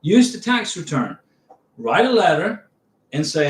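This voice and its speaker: Male livestream host. Chatty and emphatic, slightly higher voice, echoey room, set back from the mic. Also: big pitch swings, measured pace, pauses often. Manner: chatty, emphatic, reads viewer comments aloud. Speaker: livestream host answering viewer questions. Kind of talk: casual livestream advice. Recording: roomy sound, somewhat far from mic.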